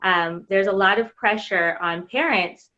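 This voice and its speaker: Woman host in her thirties, candid and chatty, mid-pitched, on a slightly dull lo-fi line. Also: unhurried, sharp tone. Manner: candid, personal storytelling with fillers. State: pregnant. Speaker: podcast host. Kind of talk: conversational interview.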